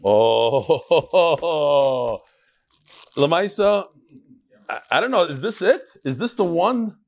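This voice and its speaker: A man's voice: fairly high pitch, lively intonation, slow pace. A man teaching a casual religious class to a live audience, joking and bantering with the room between lessons. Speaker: rabbi teaching a daily class. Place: study hall with a live audience.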